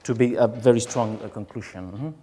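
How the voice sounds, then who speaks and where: A Spanish-accented man with a mellow, lowish voice coaches a singer in a master class as the conductor, halting and hunting for words and singing phrases to demonstrate his point. The recording has hall reverb and faint room noise.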